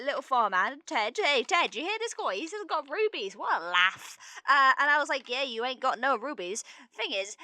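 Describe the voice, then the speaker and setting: A woman's voice: high voice, bright, forceful tone, dry recording. A woman improvising a rustic farmhand spinning a folksy yarn in country dialect, often losing the thread. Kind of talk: improvised tabletop role-play.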